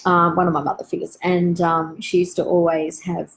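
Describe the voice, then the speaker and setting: Gentle, chatty woman. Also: on the low side, level tone, moderate pace, poor audio. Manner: gentle, reflective, chatty with many asides. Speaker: parenting educator hosting a live Q&A. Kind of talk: live online talk to parents.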